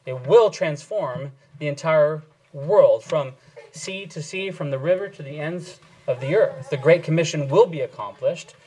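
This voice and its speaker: A male pastor giving an earnest sermon lesson, pausing and restarting as he explains, then leading a prayer. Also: fairly high pitch, a little mellow, slightly rough, low-quality recording. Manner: earnest teaching with frequent fillers and restarts. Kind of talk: sermon teaching and closing prayer.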